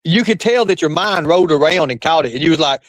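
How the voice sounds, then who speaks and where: A fairly high-voiced man hosts a livestream with loud showman energy and plenty of cursing. His voice comes across close and dry, with little room sound around it. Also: expressive, fast, no room sound, poor audio. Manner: hyped showman, swears freely. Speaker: livestream host. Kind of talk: casual livestream chat.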